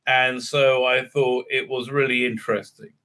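A man's voice: mid-range voice, flat delivery, normal speed, pushed and bright. A man giving a sarcastic, profane solo review rant, rambling with lots of fillers and restarts. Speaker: video reviewer.

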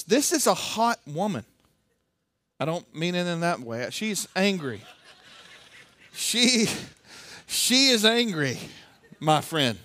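A male pastor preaching a sermon with animated, humorous storytelling. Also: sits high, dry recording, studio quality.

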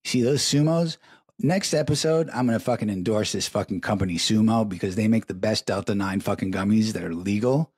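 Profane rambling man, husky low voice. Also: brisk, a little mellow, no room sound, clean studio sound. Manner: profane, rambling, emphatic repetitions. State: stoned. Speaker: live show host. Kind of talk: crude stream-of-consciousness storytelling.

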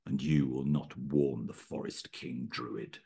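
A man's voice: extremely low pitch, steady tone, slow, gravelly, warm tone, husky, exaggerated voice. A man reading aloud, voicing a stern, ruthless chieftain king who gives cold commands in a spoken story. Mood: commanding.

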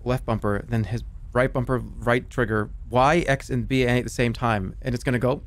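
A man's voice: mid-range voice, fairly even intonation, normal speed. A man streaming a game, chatting casually, swearing and flying into frustrated outbursts. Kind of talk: casual gaming stream chat.

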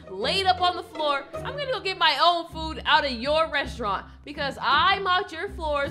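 A woman's voice: very high voice, bright, forceful tone. A woman narrating a game role-play in character, chatty and pleading, with dramatic outbursts. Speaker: role-play channel host.

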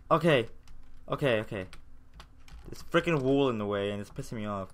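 A man's voice: mid-range voice, moderate pace, pauses often, a bit bright. Frustrated young man ranting over gameplay. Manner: frustrated, ranting, swearing at failed jumps. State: sore throat. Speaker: gaming channel host. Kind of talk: casual gameplay commentary.

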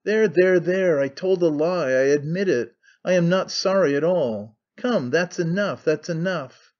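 A man reading an audiobook, voicing an excitable, scheming young conspirator who talks fast and wheedles. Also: fairly high pitch, highs cut off, natural voice. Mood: placating. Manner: fast-talking, wheedling, sly.

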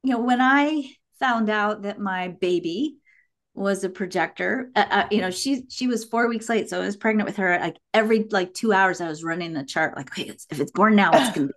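A middle-aged woman chatting as a podcast guest, telling stories in an animated way and acting out what people said. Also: mid-range voice, normal speed. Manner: animated storytelling, acts out quotes. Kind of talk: casual podcast chat.

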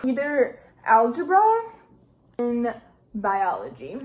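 A woman's voice: a little high, sing-song, slow. Blunt teasing young woman. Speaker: vlogger answering interview questions. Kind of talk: casual chat.

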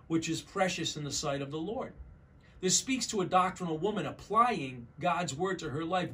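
A man's voice: a little high, fairly bright tone. A man preaching a sermon as pastor, emphatic and repeating his key phrases, often calling his listeners folks.

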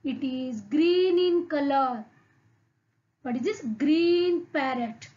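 High, very slow Indian English teacher. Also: female voice, lively intonation, darkish tone, lo-fi sound. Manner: repeats words slowly and asks the class questions. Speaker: primary school English teacher. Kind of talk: slow, deliberate online lesson for young children.

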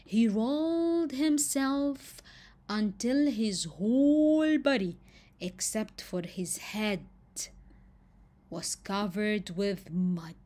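Woman teacher, slow and deliberate, storytelling lesson, asks the class questions. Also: medium pitch, expressive, warm tone. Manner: asks questions and stresses key words.

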